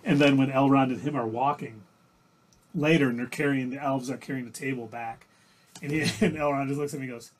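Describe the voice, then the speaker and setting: Husky male streamer, average pitch, rambling and self-correcting as he recaps the week's shows. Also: steady tone, fairly quick. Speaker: livestream co-host. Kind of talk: casual recap of TV episodes.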